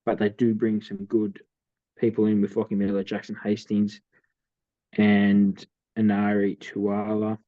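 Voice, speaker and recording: A man with an Australian accent talks through rugby league team lists in a casual podcast chat. His voice is mellow and unhurried, with lots of "um" and "mate". The recording is dry and a little muffled. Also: fairly low pitch, completely flat delivery, dry recording. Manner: laid-back, runs through team lists with fillers. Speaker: podcast co-host.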